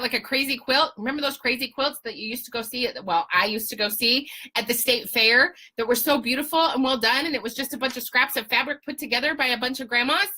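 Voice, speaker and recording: Bright, animated woman host. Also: high voice, low-quality recording. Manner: animated, sarcastic, exclamatory. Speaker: podcast host. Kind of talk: casual political commentary.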